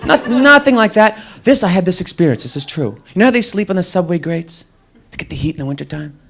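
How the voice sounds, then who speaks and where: A young man works a club stage with a stand-up set, his voice sitting high. He is wry and mocking, and he keeps slipping into quick quoted voices. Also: lively intonation, creaky, a little mellow. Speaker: stand-up comedian. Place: comedy club stage with live audience.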